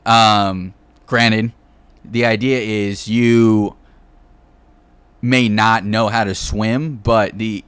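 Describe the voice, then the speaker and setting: A man's voice: lowish voice, steady tone, extremely slow, pauses often, fairly bright tone, clear, resonant tone, no echo. A man hosting a podcast, giving his views in a hedging way full of fillers. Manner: hedging, filler-heavy talk. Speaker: podcast host. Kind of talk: casual podcast chat.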